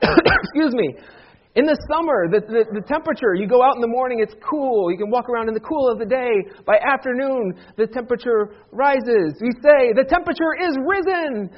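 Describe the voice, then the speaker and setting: At a moderate pace, a high, light-voiced pastor preaches a laid-back Easter-season sermon in a church sanctuary, joking with and teasing his congregation, talking conversationally and leading call-and-response. The audio is dull and lo-fi.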